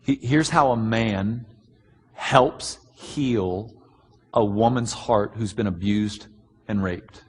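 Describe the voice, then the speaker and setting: Low husky pastor guy, blunt and earnest, big echoey church. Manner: earnest and blunt, many "um" pauses. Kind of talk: sermon answering written questions. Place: large church hall. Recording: long hall reverb.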